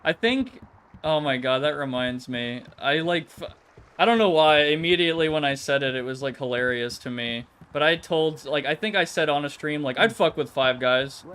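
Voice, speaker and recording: A man's voice: on the high side, normal speed, a bit bright, a little hiss or hum. A man streaming a video game and chatting casually, rambling, swearing often and laughing easily. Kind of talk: casual chat.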